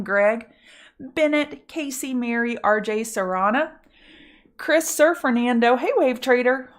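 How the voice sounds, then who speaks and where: A woman's voice: a little high, a bit bright. Upbeat woman hosting a trading stream. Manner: upbeat, greets chat viewers by name. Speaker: trading show host. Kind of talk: live market prep stream.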